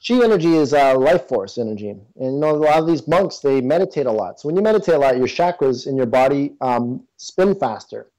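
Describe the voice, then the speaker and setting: A man's voice: medium pitch, lively intonation, fairly quick, few pauses, mellow, rough recording. A man being interviewed as a guest, talking casually and earnestly, with many fillers and restarts. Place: in Toronto.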